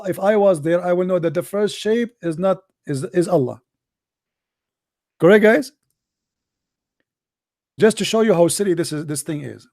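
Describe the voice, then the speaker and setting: A man's voice: high-pitched, mellow. A middle-aged man with an Arabic accent, hosting a call-in show and giving a polemical religious talk in a mocking, emphatic way with broken grammar.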